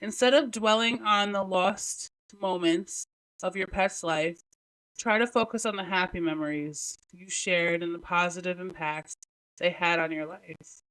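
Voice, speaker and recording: A woman hosting a podcast, talking alone in a halting, emotional way with many restarts, close to tears. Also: fairly low pitch, fairly even intonation, fairly bright tone, poor audio. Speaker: podcast host. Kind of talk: solo podcast talk.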